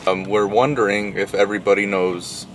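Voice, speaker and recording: A shy man answers in short bursts, his voice very low. Faint background noise sits behind him. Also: steady tone, normal speed, poor audio. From Canada. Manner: brief, shy replies.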